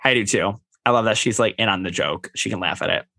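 A man's voice: on the low side, quick pace, pushed and bright, no echo, studio quality. A man co-hosting a podcast, chatting in a bubbly, gossipy way with lots of fillers. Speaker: podcast co-host. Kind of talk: casual chat.

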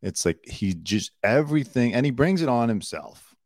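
A man's voice: mid-range voice, very animated, moderate pace, darkish tone, no room sound, studio quality. A man hosting a casual celebrity news show, talking bluntly and sarcastically and swearing now and then.

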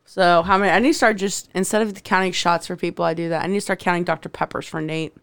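A woman in casual podcast chat, giving quick matter-of-fact advice. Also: fairly low pitch, steady tone, vocal fry, clean tone. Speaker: podcast co-host.

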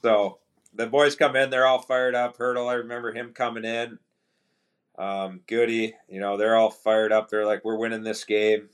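In a casual storytelling interview, a retired hockey player of middle age shares easygoing anecdotes as a podcast guest, performing the dialogue he quotes. He speaks at a normal speed in a lowish voice.

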